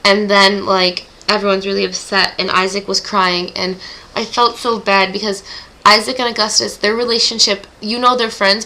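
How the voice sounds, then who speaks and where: A teenage girl chats through a chapter recap for her book club vlog, emotional and gushing, letting out groaning sighs. Her voice is bright and forward, with a lot of vocal fry at the ends of phrases. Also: medium pitch, rough recording.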